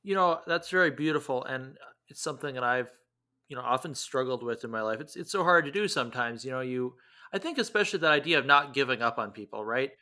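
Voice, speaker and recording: A man hosting a conversation shares a personal story in a reflective, slightly hesitant way. His voice has a bright, forward edge. He restarts phrases as he gathers his thoughts. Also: mid-range voice, lively intonation, quick pace. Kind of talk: conversational interview.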